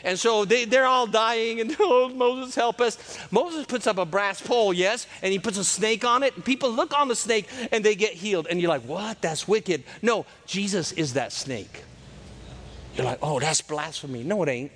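A man preaching a folksy, joking sermon that swings between loud and soft and drops into character voices. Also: high voice, lively intonation, normal speed. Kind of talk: lively sermon.

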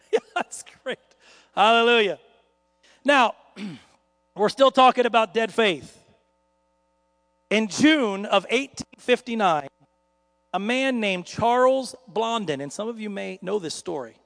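Man, very high voice, joking sermon delivery, long hall reverb. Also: gravelly. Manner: joking, conversational, builds to loud dramatic peaks. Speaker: preacher.

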